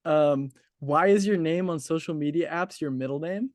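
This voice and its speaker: A man's voice: a little high, normal speed, darkish tone, no room sound, clean studio sound. A man in his twenties interviewing a guest in a casual, chatty way, laughing easily and using lots of filler words.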